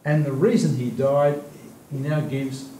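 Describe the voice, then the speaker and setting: Explaining scripture at a Bible study, this man has a warm, mellow voice and fairly even intonation. His delivery is thoughtful and halting, full of fillers and restarts, easing off on important words, while the echoey room holds a faint low rumble.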